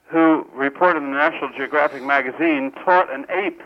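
A man with a slightly raised voice, calling in to a radio show over a dull, muffled line. He speaks haltingly, with many pauses and fillers, as he tells an anecdote. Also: a little high, slight background noise. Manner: halting, frequent uhs. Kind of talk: call-in radio chat. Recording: dull, muffled phone-call audio.

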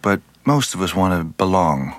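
An Irish-born man with a very deep voice talks through an interview in a reflective, unhurried way. He often restarts and lets phrases trail off. The sound is dry and close. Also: expressive, dry recording. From Ireland. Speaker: actor, interview guest.

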